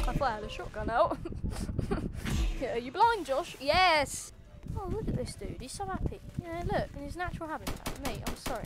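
A woman hosting a gaming channel, giving excitable, playfully cocky commentary while she plays. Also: high-pitched, normal speed. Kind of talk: live gameplay commentary. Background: loud game music and gunfire.

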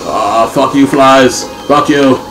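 A young man from Kent commenting casually on a racing game, swearing and yelling whenever things go wrong. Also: medium pitch, slow. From Kent, England. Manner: excitable, swears and yells at the game. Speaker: gamer co-host. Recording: echoey room with game music.

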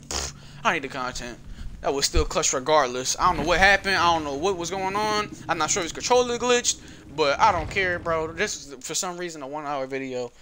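A man giving casual live commentary over his own gameplay, excitable and easily frustrated, repeating phrases and using slang. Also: on the high side, noisy background. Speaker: gaming YouTuber.

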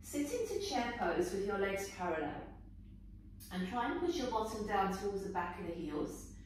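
A woman yoga teacher calmly talking students through a guided flow, with gentle encouraging cues. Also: mid-range voice, moderate pace. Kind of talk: guided yoga class instruction. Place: indoor room, teacher on her mat. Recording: echoey room, voice from a distance, faint background noise.

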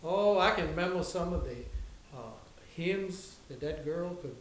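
A fond, wistful eighteenth-century gentleman planter, played by a man in a reenactment, lingers on memories with sighs and stumbling restarts. His voice sits a little high. The room echoes around him. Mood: nostalgic. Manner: reminiscing, warm exclamations, halting restarts. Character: wealthy 18th-century plantation owner, nostalgic and fond. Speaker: historical reenactor. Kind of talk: historical reenactment dialogue. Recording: roomy with faint low rumble.

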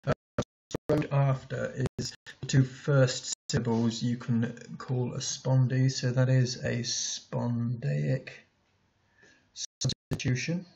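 A male teacher in a recorded lesson talks slowly and deliberately, pausing often to think aloud as he annotates a text. His voice has a gravelly, creaky edge. The sound is dull and lo-fi. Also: medium pitch, flat delivery, a little mellow. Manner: thinks aloud while writing, many ums and restarts.

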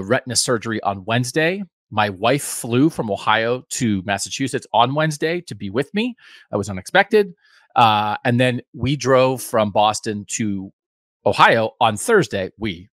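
A man's voice: medium pitch, fairly bright tone, dry recording, studio quality. A man in his fifties, a podcast host giving a casual, rambling, self-deprecating update from home. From United States. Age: 50s.

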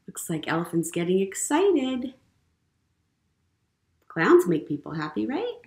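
A woman leading a storytime for young children as a librarian, gentle and encouraging, often asking the kids questions. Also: medium pitch, huge pitch swings, a little slow, long pauses. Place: public library program room. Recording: roomy room echo.

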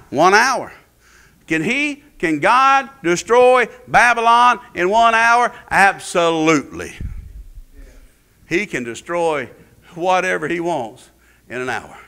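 Preacher man, high and piercingly bright, fervent, rises to loud peaks then drops low. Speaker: pastor. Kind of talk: sermon.

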